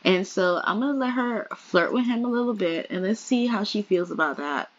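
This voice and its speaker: A woman's voice: mid-range voice, normal speed. A woman casually commenting on a life-simulation game, chatty and voicing her characters' small talk. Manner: chatty, voices her characters' banter in quotes. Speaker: let's play gamer. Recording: slightly dull lo-fi audio.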